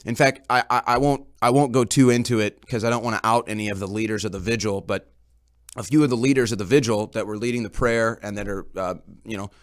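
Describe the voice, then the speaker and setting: A man's voice: on the low side, steady tone, fast talker. A man reporting on a talk show, casually recounting events in a rambling way and often repeating his words.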